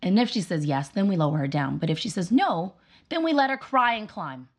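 A woman's voice: lowish voice, lively intonation, brisk, breathy edge. A woman in an interview conversation, telling parenting stories in an earnest, emphatic way. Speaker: guest, parent sharing her views.

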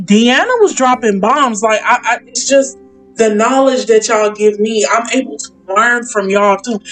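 A woman hosts an easy faith chat in a voice of middling pitch. She talks with feeling, stumbles and repeats herself, and keeps calling her friends y'all and sis. A soft bed of music plays behind her. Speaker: podcast host.

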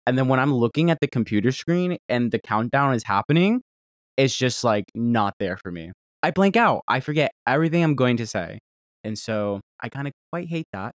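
Southern man, solo podcast host, rambling, cursing, mid pitch, dead dry close mic. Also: expressive, normal speed, no room sound. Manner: rambling, profane, self-deprecating, jumps between loud outbursts and mutters. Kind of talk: casual solo podcast rant. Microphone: desk microphone held close.

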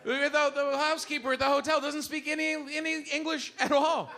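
A middle-aged man performing a live stand-up routine, animated, acting out the voices of his family. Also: very high-pitched, fairly quick. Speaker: stand-up comedian. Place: comedy club stage. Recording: live club with audible room noise.

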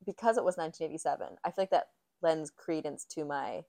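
A young woman co-hosting a podcast in casual chat, reacting quickly and swearing freely. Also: sits low, vocal fry, warm tone. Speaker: podcast co-host.

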